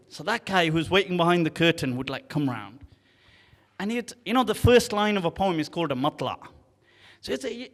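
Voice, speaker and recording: Animated man telling a story in a reverberant hall. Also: high-pitched. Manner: animated, acts out the characters' lines; recites classical Arabic poetry rapidly and rhythmically. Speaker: Islamic scholar telling a story. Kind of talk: casual storytelling talk.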